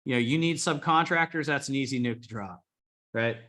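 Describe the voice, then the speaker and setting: A man's voice: mid-range voice, fairly quick, pushed and bright. A man coaching a group of remodelers in a blunt, profane style, rallying his listeners. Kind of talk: coaching talk to a live group.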